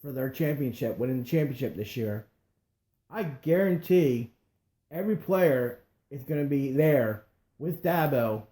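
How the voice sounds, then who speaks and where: A man's voice: mid-range voice, lively intonation, measured pace, warm tone. A man co-hosting a talk show, chatting casually and cursing as he gripes. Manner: profane, joins in the griping. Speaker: podcast co-host. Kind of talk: casual chat.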